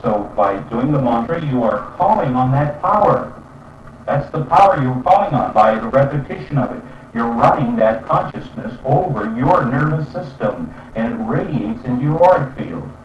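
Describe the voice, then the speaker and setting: Earnest guy teaching spiritual stuff, average pitch, far off the mic, muffled, bit of traffic noise. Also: animated, moderate pace. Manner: earnest, explanatory, often asks "you see?". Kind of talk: spiritual teaching with chant demonstrations. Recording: roomy, distant, dull sound with faint traffic.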